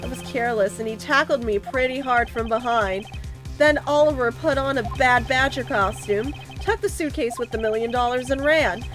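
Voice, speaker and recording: Woman voicing remorseful young man, earnest subdued confession, high-ish voice. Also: moderate pace, over music, close to an everyday voice.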